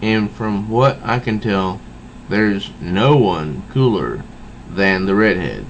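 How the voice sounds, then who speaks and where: A man's voice: lowish voice, animated, slow, slight background noise, low-quality recording. A man voicing a distraught young woman who pleads for help, read aloud from a comic. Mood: wistful.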